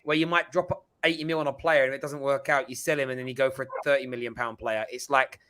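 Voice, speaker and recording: A man's voice: medium pitch, fairly even intonation, fast, fairly bright tone. A man hosting a football fan show, bantering and reading out viewer comments. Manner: playful banter, reads out comments. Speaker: host. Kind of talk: fan reaction show chat.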